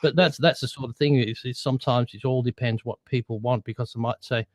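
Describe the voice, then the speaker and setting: A man chatting casually, talking things through with quick restarts. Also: mid-range voice, fairly even intonation, a little mellow, no echo. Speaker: co-host, voiceover worker. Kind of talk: casual chat.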